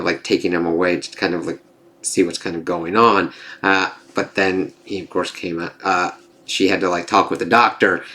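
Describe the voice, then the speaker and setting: A man casually recapping and reviewing a TV episode, excitable and profane, full of "kind of" and "like". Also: low voice.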